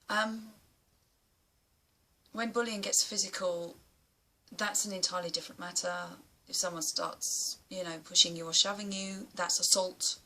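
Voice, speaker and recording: A woman's voice: fairly low pitch, steady tone, a little slow, pushed and bright. A woman talking blunt and emphatic to camera in a casual vlog, swearing now and then. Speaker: vlogger.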